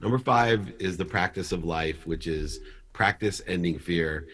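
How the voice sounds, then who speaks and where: A man's voice: low voice, measured pace. A middle-aged man, a podcast guest, telling a story and acting out the dialogue. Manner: animated storyteller, acts out dialogue.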